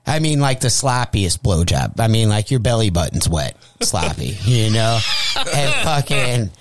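A man's voice: medium pitch, a little slow, no room sound. Profane storytelling male comedian. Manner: profane, animated, acts out quotes. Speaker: comedian guest. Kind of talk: crude comic storytelling.

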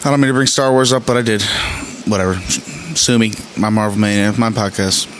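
A man hosting his podcast, talking casually and excitedly about an episode, rambling with frequent laughs while saying he is tired. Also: on the low side, a little fast, a little hiss or hum, low-quality recording. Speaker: podcast host. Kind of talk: casual episode reaction commentary.

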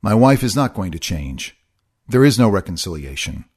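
A man's voice: on the low side, big pitch swings, normal speed, darkish tone, husky. A middle-aged man hosting a solo podcast, talking in an earnest, confessional way and repeating his phrases. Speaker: podcast host.

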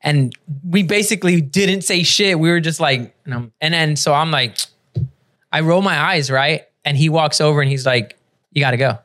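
A man hosting a casual podcast, telling a story in an animated, profane way and laughing as he goes. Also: fairly high pitch, normal speed. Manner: animated, profane storyteller who laughs through his stories. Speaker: podcast host.

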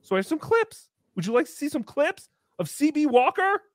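A man in his thirties hosting a livestream, reading donations and joking around in a casual, animated way. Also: very high voice, fairly quick, no room sound, studio quality. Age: 30s. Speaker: livestream host.

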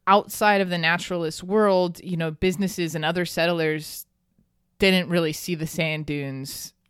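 A woman's voice: lowish voice, fairly even intonation, moderate pace, clean tone, no room sound, studio quality. A woman hosting a podcast, telling a local history story in a chatty, casual way and laughing often. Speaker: podcast host.

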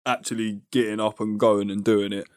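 A man's voice: fairly low pitch, flat delivery, moderate pace, no room sound, clean studio sound. A young man with a London accent, co-hosting a podcast in laid-back, slangy banter. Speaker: podcast co-host. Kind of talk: casual chat. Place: small back room at home.

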